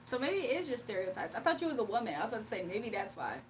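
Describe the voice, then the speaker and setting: A woman's voice: a little high, big pitch swings, racing, recorded from a distance, slight background noise. Chatty woman streamer, slightly off-mic. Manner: chatty, laughs often, reads chat messages aloud. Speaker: livestreamer reading chat. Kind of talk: casual livestream chat.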